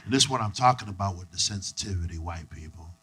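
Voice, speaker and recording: A young adult man from Canada doing a stand-up set, telling stories in a brash, profane, animated way. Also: sits low, fast talker, breathy edge. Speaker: stand-up comedian.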